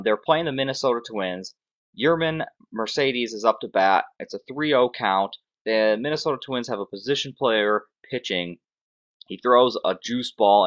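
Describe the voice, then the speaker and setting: A man's voice: fairly low pitch, fairly bright tone, muffled recording. A man hosting a fantasy sports show, ranting sarcastically in casual sports commentary.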